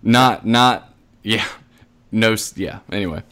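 A young man co-hosting a podcast, telling stories in a casual, animated way, often laughing and mimicking the people he quotes. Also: on the low side, takes it slowly, smooth. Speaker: podcast co-host. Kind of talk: casual storytelling chat.

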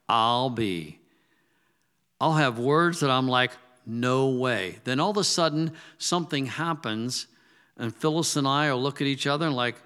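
A man's voice: mid-range voice, a bit bright. A male pastor preaching conversationally, telling stories and acting out quoted asides. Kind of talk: sermon.

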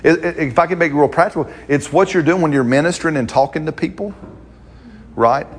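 A man's voice: a little high, fairly quick, breathy edge. A man preaching a sermon in a conversational, playful way, acting out quotes and laughing along with the congregation.

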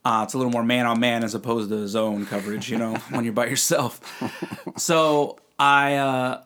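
This recording carries a little hiss or hum under a man's mid-range, fairly bright voice, delivered at normal speed with fairly even intonation. A parent of young children, he's the co-host and client on a casual podcast chat, joking and telling long stories about himself.

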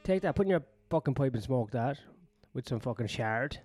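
A man's voice: medium pitch, animated, brisk, a little mellow, faint music behind. A man ranting in a sweary, sardonic, rambling monologue as a comedian vlogging on his own.

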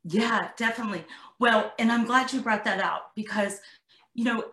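A woman's voice: fairly high pitch, moderate pace. A middle-aged woman, a parenting coach, telling stories in a podcast interview and acting out what she and her daughter said. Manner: animated storyteller, acts out her own and her daughter's lines. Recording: echoey room.

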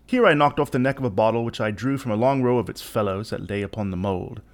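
A man's voice: fairly low pitch, fast, few pauses. A man giving a theatrical, interpretive reading of a classic short story. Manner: theatrical, expressive narration. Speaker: reader.

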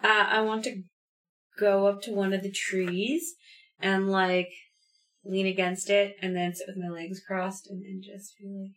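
A woman's voice: medium pitch, level tone, unhurried, fairly bright tone. A woman playing a tabletop game, speaking hesitantly and often laughing. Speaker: player. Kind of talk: casual tabletop game play.

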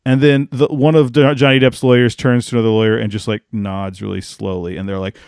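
A man's voice: mid-range voice, flat delivery, fairly quick, a little mellow, clear, resonant tone, no echo. Rambling podcast co-host man, dry sound. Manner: rambling, full of "like" and restarts. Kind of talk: casual chat.

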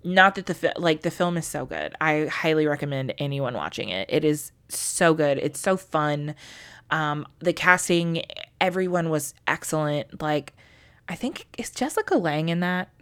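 Low-voiced woman, emotional book chat. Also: lively intonation, normal speed, clear, resonant tone. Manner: emotional, swears casually, many "like" fillers. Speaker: podcast co-host.

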